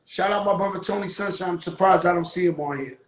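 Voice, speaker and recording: A man hosting a show, telling a casual, animated story full of profanity with bursts of shouting. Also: sits high, fast talker, a little hiss or hum. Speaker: show host. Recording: roomy echo.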